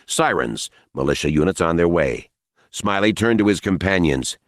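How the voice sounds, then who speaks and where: A man reading a novel aloud as audiobook narrator, expressive and dramatic. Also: sits low, moderate pace, no echo, clean studio sound.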